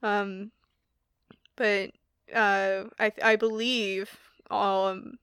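A woman's voice: medium pitch, level tone, extremely slow, fairly bright tone, clear, resonant tone, no room sound, studio quality. A young woman chatting casually, rambling with many fillers and frequent laughter. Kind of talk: casual chat.

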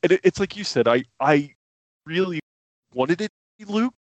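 A man hosting a podcast, talking in a casual, excited way with lots of restarts and fillers. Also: on the high side, moderate pace, dry recording. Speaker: podcast host. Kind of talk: casual chat.

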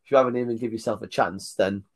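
A tour leader appearing as a podcast guest tells blunt stories in a casual storytelling style, laughing between his points. His voice is on the low side and steady, and he talks fast.

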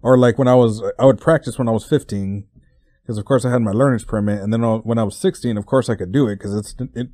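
Mellow-voiced young man, rambling and profane. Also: mid-range voice, fairly even intonation, fast, dry recording, clean studio sound. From Texas. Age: 20s. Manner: profane, rambling, stumbling restarts. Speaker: podcast host. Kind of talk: casual rambling storytelling.

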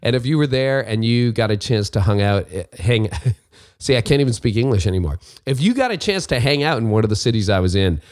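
A man's voice: medium pitch, animated, brisk, darkish tone. A man hosting his leadership podcast, talking in a chatty, self-deprecating and upbeat way. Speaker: podcast host. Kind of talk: casual podcast monologue.

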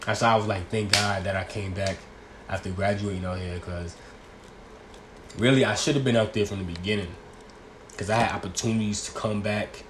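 A man's voice: on the low side, steady tone, fairly quick, long pauses, fairly bright tone, slight background noise. A young man from New York talking casually to his viewers in a loose, rambling, slangy way. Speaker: vlogger. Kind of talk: casual chat.

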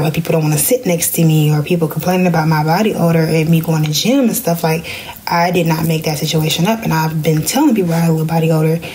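A young woman, telling a personal story in a casual podcast vlog and jumping into high voices when she quotes people. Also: a little mellow, slight background noise. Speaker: podcast host.

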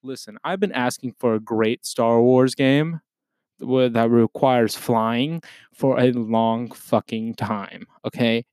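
Excitable, swearing young man ranting. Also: mid-range voice, slow pace, no room sound. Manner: excitable, profane, loud outbursts. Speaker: podcast host. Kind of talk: casual solo rant.

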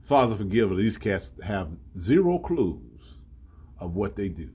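Calm, hushed Jesus, put on by a man, deep and husky, relaxed and gentle. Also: measured pace, full character voice.

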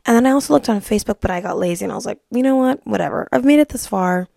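A young woman hosts her own podcast in casual chat. She tells a story in a gossipy, rambling way, full of "like"s. Her voice is dark and relaxed with a gravelly fry, and the sound is dry and close. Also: a little high, racing, no room sound. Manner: chatty, gossipy storytelling with many "like"s. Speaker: podcast host.

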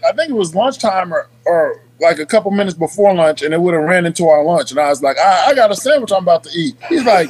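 A man's voice: sits high, quick pace, slightly rough, rough recording. A middle-aged man and Army veteran, telling profane stories in casual chat and laughing as he goes. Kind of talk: casual storytelling.

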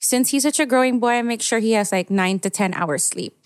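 A woman in her thirties from the Philippines, a guest on a casual podcast, speaking warmly and heartfelt, laughing often and mixing English with bits of Tagalog. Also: fairly high pitch, a little fast, clean tone, dry recording, clean studio sound.

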